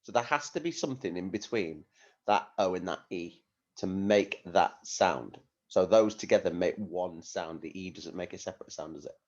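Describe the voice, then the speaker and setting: A male primary school teacher giving a phonics lesson to young children, speaking slowly in a sing-song way and asking many tag questions. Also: low-pitched, muffled recording.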